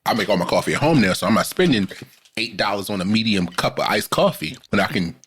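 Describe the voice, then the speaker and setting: A man's voice: lowish voice, expressive, fast talker, a bit bright, husky. A man co-hosting a podcast in a casual chat, rambling and restarting his sentences often. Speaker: podcast co-host.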